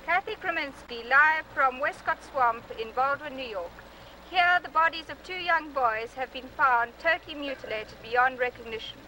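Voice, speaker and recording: A woman's voice: high-pitched, sharp tone, a little hiss or hum, rough recording. An actress playing an earnest female TV field reporter with a Long Island accent, in a stiff, formal news-report delivery. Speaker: TV field reporter in a film clip. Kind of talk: low-budget film acting.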